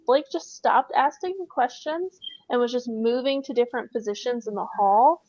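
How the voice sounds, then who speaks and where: A woman with a fairly high voice tells a ghost-hunt story in brisk, casual podcast chat. Her voice is dry and a little dull, as if picked up by a lo-fi mic. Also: a little mellow, dry recording. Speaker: paranormal investigator.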